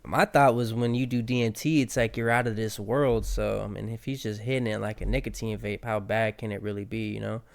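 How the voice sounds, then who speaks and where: A man's voice: on the low side, flat delivery, fairly quick, gravelly, hardly any pauses. A man hosting a casual reaction video, laid-back and slangy. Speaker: reaction host.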